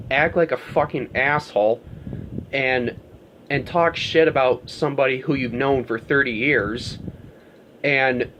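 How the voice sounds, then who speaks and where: A vlogger with a mid-range, fairly bright voice rants casually straight to his viewers against slight background noise. His monologue rambles, swears often, and leans heavily on "like" and "you know."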